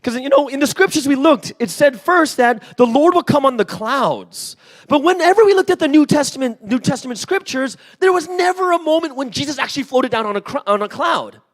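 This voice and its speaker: A man in his forties giving a sermon in a church, telling a personal story with lively acted-out dialogue and frequent "right?". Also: very high voice, brisk. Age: 40s. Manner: animated storytelling, acts out dialogue, often asks "right?". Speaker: pastor.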